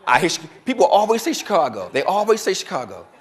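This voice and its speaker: A man gives a motivational keynote to a live audience in a conference room. His slightly high voice rises and falls with lively swings as he quizzes the listeners and repeats their answers. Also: fast. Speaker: keynote speaker. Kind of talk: motivational seminar talk.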